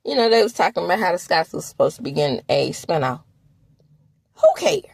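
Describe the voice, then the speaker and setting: A woman from the American South with a Southern accent, recapping reality TV in sassy, animated casual commentary. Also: fast talker, gravelly, husky, no room sound. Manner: sassy, animated, with laughs and sudden high exclamations.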